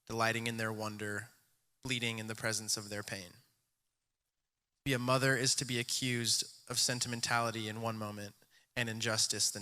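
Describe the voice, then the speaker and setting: A man reading a poem aloud slowly and deliberately in front of a church congregation. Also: mid-range voice, sharp tone. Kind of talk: poetry reading.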